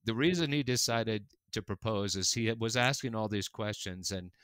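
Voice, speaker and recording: Bright, crisp-voiced pastor telling stories. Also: male voice, lowish voice, normal speed, dry recording. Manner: animated, earnest, laughs often. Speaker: pastor and guest. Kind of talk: casual conversational storytelling.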